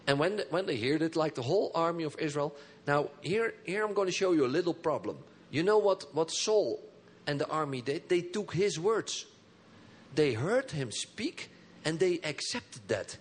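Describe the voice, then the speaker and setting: Man preaching, animated, laughs often, repeats words, slightly high voice. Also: normal speed, husky. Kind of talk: sermon.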